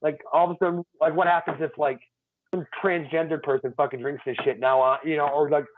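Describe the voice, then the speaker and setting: A man's voice: on the high side, steady tone, a little fast. A man in a casual podcast chat, ranting in an exasperated, profane way. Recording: tinny phone-like line.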